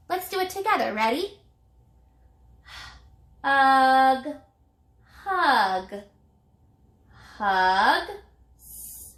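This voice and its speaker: A woman teacher giving a reading lesson to young children, speaking clearly and sounding out words in a sing-song way. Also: fairly high pitch, bright, forceful tone, roomy sound.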